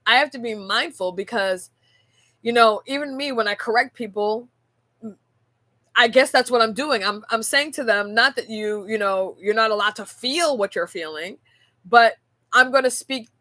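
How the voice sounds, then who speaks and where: A woman with a bright, fairly high voice talks earnestly about faith and telling stories, often checking in with a quick "right?". The sound is dry and close, with no room echo. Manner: earnest, storytelling, rhetorical "right?". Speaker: podcast host. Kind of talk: casual faith-based reflective talk. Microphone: on camera.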